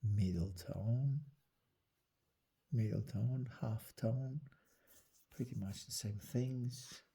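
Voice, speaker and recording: A man's voice: medium pitch, extremely slow, creaky, dark tone, breathy edge. A man narrating his drawing as he works, muttering and half-whispering his steps. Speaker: artist demonstrating drawing.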